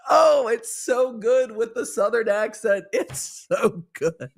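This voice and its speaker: A woman hosts a livestream and reacts to a court hearing, gushing and playful. She talks in an unhurried way between her bursts of excitement. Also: on the high side, gravelly. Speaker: host, lawyer commentator.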